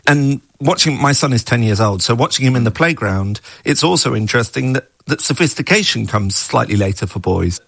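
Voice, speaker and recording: Gravelly, thoughtful middle-aged man. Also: mid-range voice, lively intonation, fairly quick, hardly any pauses, a bit bright, no echo. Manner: thoughtful, musing, with small laughs. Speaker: guest, screenwriter of the adaptation. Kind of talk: reflective interview talk.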